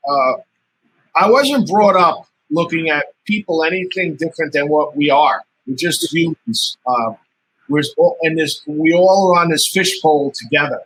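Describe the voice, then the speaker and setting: A man's voice: fairly high pitch, normal speed, low-quality recording. A man, a martial artist telling stories in a casual interview, laughing often and acting out what others said. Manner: animated storyteller, laughs often, acts out quoted dialogue.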